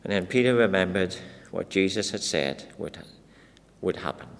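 A man's voice: sits low, expressive, normal speed. A man preaching an expository sermon, dramatic and full of rhetorical questions put to his listeners. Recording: long reverb of a large hall.

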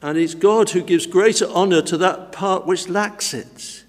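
A man preaches slowly and deliberately, his voice set a little high. His words ring out in a church hall with a long, lingering reverb. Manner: slow, deliberate, emphatic teaching. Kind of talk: expository sermon.

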